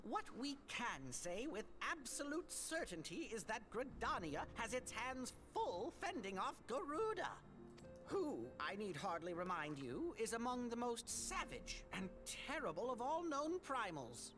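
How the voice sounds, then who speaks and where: A woman voicing a formal scholarly character in game cutscene dialogue, precise and measured. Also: fairly high pitch, very animated. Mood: grave. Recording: game audio with music behind.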